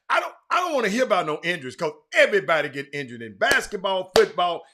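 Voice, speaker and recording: A man's voice: high-pitched, sing-song, fast, few pauses. A man hosting a casual live-stream sports talk show, chatting loosely and greeting viewers by name. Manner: chatty, shouting out viewers by name, many restarts.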